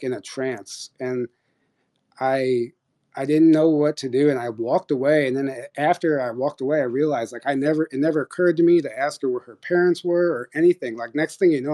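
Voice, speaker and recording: A man with a warm, dark-toned voice at an ordinary middle pitch tells a long personal story. His talk is loose and rambling, packed with fillers and false starts, in a casual live-chat manner. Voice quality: rambling, many fillers and restarts. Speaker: podcast host sharing experiences.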